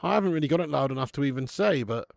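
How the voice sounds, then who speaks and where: A man's voice: fairly high pitch, animated, very fast, gravelly, dry recording. Guy hosting a live football stream, chatty, swears a lot, dry close mic. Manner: chatty, laughs often, swears freely; reads out viewer messages. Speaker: host of a live football watch-along. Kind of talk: casual live stream chat.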